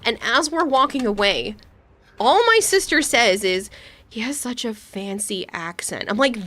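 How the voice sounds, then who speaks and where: A woman's voice: on the high side, sing-song, normal speed, pushed and bright. Chatty young woman streamer, laughs often. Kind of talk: casual gaming stream chat.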